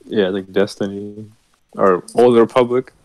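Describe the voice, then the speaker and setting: A man's voice: fairly low pitch, steady tone, a little slow, darkish tone, no echo, rough recording. A man chatting casually while playing a game, laid-back and full of "like.". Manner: laid-back, uses "like" a lot. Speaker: gaming co-host.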